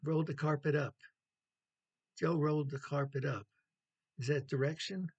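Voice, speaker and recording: A man giving a measured classroom lecture on writing as the instructor, pausing often with ums and clearing his throat. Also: on the high side, steady tone, muffled recording.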